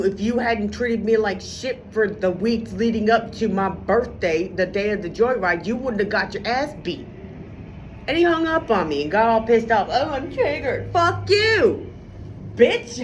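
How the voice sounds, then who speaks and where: A woman's voice: animated, a little slow, slight background noise. A woman venting in a heated, profane, emphatic monologue to her viewers. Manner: heated, profane and emphatic, with sudden pitch swings. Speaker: vlogger.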